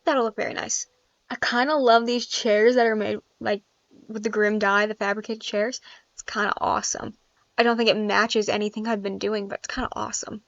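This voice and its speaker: A woman's voice: mid-range voice, level tone, fairly quick, no echo. A woman giving casual gameplay commentary, chatty and thinking aloud with frequent laughs. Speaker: gaming YouTuber. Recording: dry, slightly dull sound.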